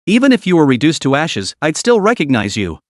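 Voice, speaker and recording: A man playing a cold, imposing young hero who speaks slowly and cuttingly, stressing each word. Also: a little high, wildly swooping pitch, dry recording, studio quality. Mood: scornful.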